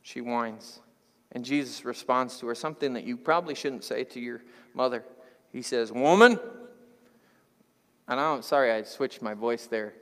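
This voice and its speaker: At a moderate pace and in a mid-range voice, a man delivers a sermon as pastor in a space with big-room acoustics. His style is relaxed and conversational, animated, with jokes shared with the congregation.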